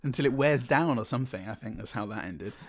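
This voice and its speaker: A man with a nasal voice, co-hosting a comedy podcast. He rambles along in an easy, hesitant way, often filling pauses with ums. His voice sits at a middling pitch. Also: expressive, slight background noise. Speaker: podcast co-host. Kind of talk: casual comedy chat.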